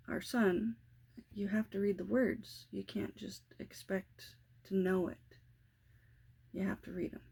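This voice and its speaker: A woman's voice: mid-range voice, creaky, a little mellow, slightly rough. A woman in her thirties, a mother talking through her day in a rambling, self-reflective vlog with many restarts. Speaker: parenting vlogger. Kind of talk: casual confessional vlog.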